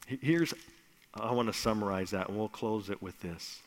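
A man's voice: lowish voice, normal speed, slight background noise. Man preaching a sermon in an echoey hall. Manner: conversational, builds to loud emphatic bursts. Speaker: pastor.

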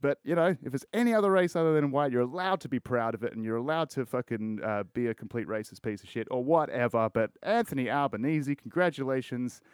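A man's voice: medium pitch, fast, hardly any pauses, clear, resonant tone, no echo, studio quality. An Australian man hosting a solo podcast, rambling in casual chat with lots of swearing and crude jokes. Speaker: podcast host.

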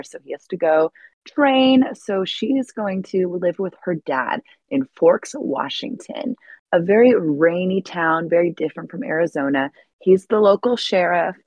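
A woman's voice: fairly low pitch, no echo, low-quality recording. A woman co-hosting a podcast, recapping a plot with enthusiasm and frequent laughs. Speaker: podcast co-host. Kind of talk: casual podcast chat.

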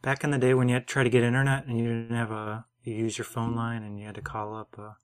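A man's voice: medium pitch, level tone, quick pace, clear, resonant tone. Middle-aged man telling a rambling story. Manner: rambling, filler-heavy storytelling. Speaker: podcast co-host. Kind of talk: casual storytelling chat.

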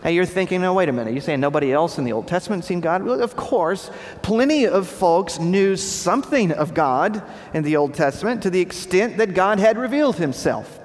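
A man preaching a sermon with emphatic, repeated phrases, his voice dropping low at the ends of lines. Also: lively intonation, brisk. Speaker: pastor. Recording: long reverb of a large hall.

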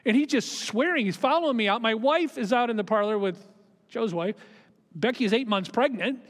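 A middle-aged man, a pastor, preaching a sermon and telling a personal story, moving between quiet asides and emphatic raised lines. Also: very high voice, a little fast. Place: church sanctuary. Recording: long hall reverb of a church.

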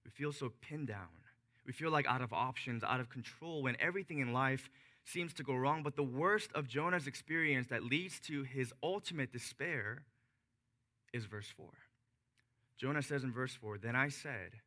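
A man preaching a sermon as a pastor, emphatic, slowing and dropping to a hush on key phrases. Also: mid-range voice.

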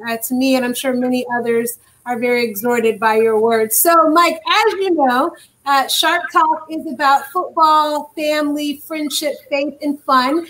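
Young female co-host, high voice, earnest and encouraging interviewer. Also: a bit bright, poor audio. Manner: earnest, encouraging, faith-minded phrasing. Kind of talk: interview hosting.

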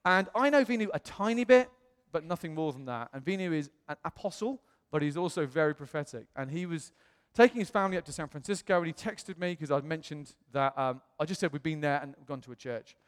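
British male pastor, fairly high voice, lively storyteller, long hall reverb. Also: a little fast, hardly any pauses. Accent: British English. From England. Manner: animated, acts out quoted voices. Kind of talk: storytelling sermon.

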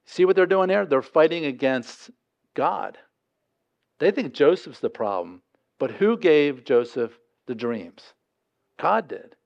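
A man preaching a casual, conversational sermon with a slightly high voice. He keeps tossing rhetorical questions at his listeners and then answering them. The recording sounds a little dull and lo-fi. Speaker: pastor.

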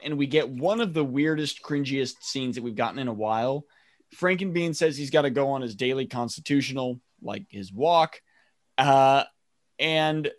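A man's voice: mid-range voice, dry recording, studio quality. A man co-hosting a podcast, steadily walking through a recap in casual chat with many fillers. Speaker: podcast co-host.

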